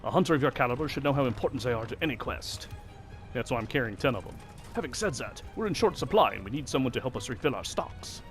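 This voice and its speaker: A man's voice: mid-range voice, animated, quick pace, soft background music, lightly acted. A man reading a cheerful female camp quartermaster's lines in a mock old-time French stage accent. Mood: hammy. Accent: mock French, old-time stage style. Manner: theatrical read of on-screen dialogue.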